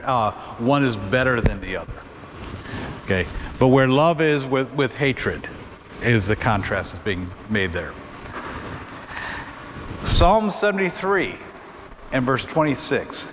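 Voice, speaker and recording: A man teaching a church Bible class in a conversational way, thinking aloud with restarts and quick asides. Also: mid-range voice, lively intonation. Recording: muffled recording in a reverberant room with faint noise.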